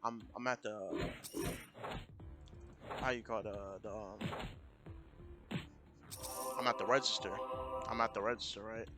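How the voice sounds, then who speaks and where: A young American man streaming, casually retelling a story in a rambling, animated way and repeating himself. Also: on the low side, measured pace, pauses often. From United States. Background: music.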